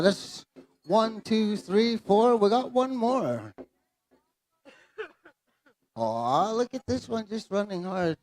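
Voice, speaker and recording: Over the PA at an outdoor pow wow arena, a male emcee announces live to dancers and spectators in a relaxed, joking way. His high, slightly mellow voice has lively intonation, and he takes his time with long pauses.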